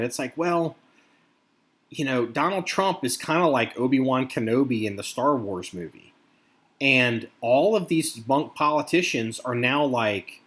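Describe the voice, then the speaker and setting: A man's voice: mid-range voice, a little slow. A man co-hosting a casual podcast, talking with a lot of swearing and acting out angry quotes. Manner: profane, animated, acts out angry quotes. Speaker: podcast co-host.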